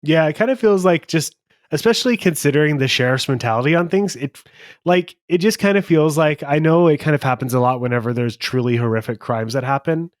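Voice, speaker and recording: A man's voice: a little high, fairly quick, no echo, studio quality. A man co-hosting a movie podcast, chatty and rambling in casual talk. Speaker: podcast co-host. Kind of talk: casual chat.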